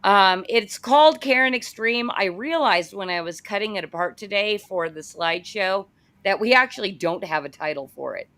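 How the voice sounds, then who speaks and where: A woman's voice: medium pitch, expressive, normal speed, a bit bright. A woman with an American accent hosting a live-stream interview, upbeat, chatty and joking. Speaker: host.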